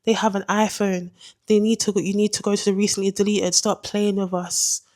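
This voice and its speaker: A woman voicing an impatient, suspicious male soldier who scolds in a brisk way. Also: medium pitch, little pitch movement, darkish tone, lightly acted.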